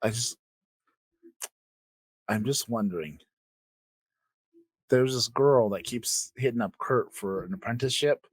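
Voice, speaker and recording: Woman co-host, extremely deep voice, unhurried short reactions, dry sound. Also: husky, dry recording. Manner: brief, slow reactions and asides. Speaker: podcast co-host. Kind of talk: casual chat.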